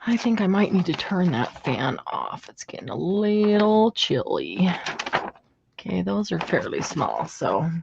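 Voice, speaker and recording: A woman's voice: on the low side, sing-song, a little slow, vocal fry, muffled recording, background noise. A woman hosting a craft livestream from a home craft room, chatting casually and admiring her materials as she works. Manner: chatty, admiring, thinks aloud while working.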